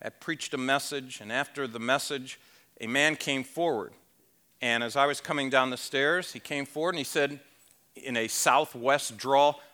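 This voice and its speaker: A man's voice: mid-range voice, moderate pace, pushed and bright. A man preaching a sermon at a conference, emphatic and conversational, with rhetorical questions and wry asides. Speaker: conference speaker.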